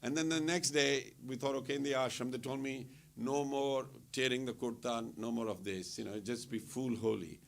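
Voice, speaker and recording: A man with a gravelly, medium-pitched voice speaks at a moderate pace with hardly any pauses as he recounts funny travel tales at a temple. Animated and laughing, he acts out quotes throughout the casual talk.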